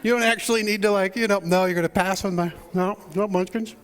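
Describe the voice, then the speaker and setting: A man's voice: high voice, fairly even intonation, fast, clean tone, big-room sound. A male pastor opening a sermon in a church, joking and chatting straight to the people in the pews. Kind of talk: playful sermon opening with audience interaction. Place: church sanctuary.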